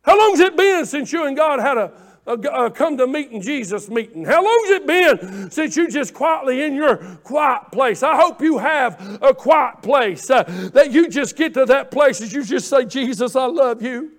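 A man with a very high voice preaching a fervent sermon. He moves from hushed, tender pleading to loud shouts, doubling back on words as the feeling builds. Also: expressive, moderate pace. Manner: impassioned preaching, swings from quiet to shouting; repeats words and restarts phrases. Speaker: pastor.

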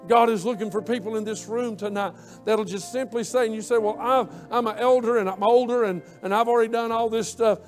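A man's voice: high-pitched, fairly even intonation, fairly quick, few pauses, soft background music. A man preaching a sermon, impassioned and repeating himself as he builds.

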